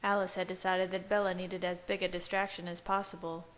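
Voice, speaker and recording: A woman reading a fanfiction chapter aloud in steady first-person narration. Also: lowish voice, brisk, poor audio. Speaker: fanfiction reader. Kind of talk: amateur audiobook reading.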